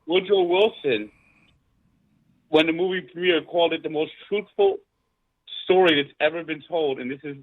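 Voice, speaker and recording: A male talk show guest speaking in a halting way, with many fillers. His voice sits a little high. It comes through a tinny phone line. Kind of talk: call-in talk show chat.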